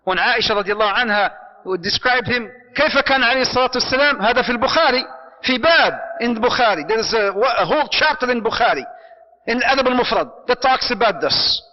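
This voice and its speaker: Male preacher, animated and jokey, high voice, dull recording in an echoey hall. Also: racing. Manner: animated, jokey, mixes in Arabic phrases. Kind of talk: lecture on marriage to an audience.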